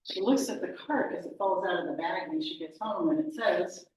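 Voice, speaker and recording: Woman storyteller, animated live telling, far from mic, big echo. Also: fairly low pitch, a little fast, lo-fi sound. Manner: animated, self-correcting. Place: meeting room of a historic house. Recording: very echoey room, distant mic.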